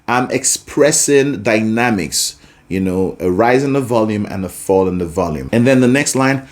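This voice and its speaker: A man's voice: on the low side, expressive, moderate pace. A man teaching a singing lesson, explaining patiently and breaking into sung examples. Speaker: vocal coach.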